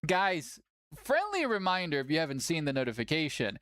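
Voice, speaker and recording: A tournament host chatting casually on a livestream, animated, laughing often and swearing casually. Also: medium pitch, brisk, dry recording, clean studio sound.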